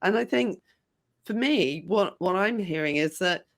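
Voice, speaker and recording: A woman's voice: on the low side, animated, measured pace. Encouraging woman host. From United Kingdom. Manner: encouraging, motivational phrasing. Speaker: interview host. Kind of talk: upbeat conversational interviewing.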